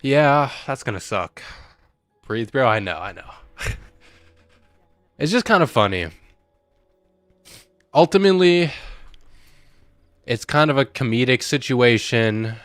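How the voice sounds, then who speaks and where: A man's voice: mid-range voice, animated, unhurried, pauses often, fairly bright tone, no room sound. A young man streaming a game and chatting casually with viewers, sighing and emotional, on the verge of tears. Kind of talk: casual live-stream chat.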